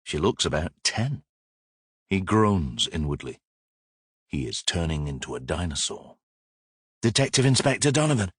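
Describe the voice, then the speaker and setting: A man reading an audiobook thriller in a steady, measured narration. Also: rumbling low, husky, dry recording, studio quality. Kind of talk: scripted narration.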